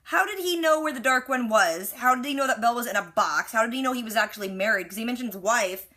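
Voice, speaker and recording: Chatty female recapper with a bright, forceful tone and quick sarcastic asides. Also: fairly high pitch. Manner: quotes characters with lots of "like". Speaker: TV reaction recapper. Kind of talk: casual episode recap.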